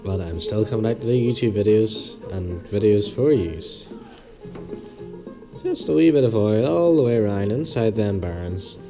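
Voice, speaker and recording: A man with a hoarse voice from the flu, hosting a casual step-by-step engine repair tutorial, chatty and homely, repeating small instructions. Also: fairly low pitch, expressive, moderate pace, over music, rough recording. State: hoarse, losing his voice with flu. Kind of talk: casual step-by-step workshop demonstration.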